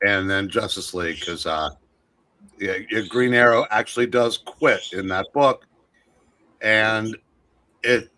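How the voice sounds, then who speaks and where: A man's voice: lowish voice, unhurried, pauses often, bright, forceful tone. A tired man chatting casually as co-host, rambling and hesitant, yawning now and then. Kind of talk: casual chat.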